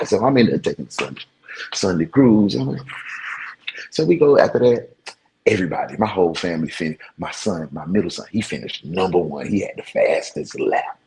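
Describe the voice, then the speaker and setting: A man in his forties, a show host, casually telling stories to his viewers in an animated, slangy way. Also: low voice, husky, rough recording. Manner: animated, slangy, talks straight to his audience.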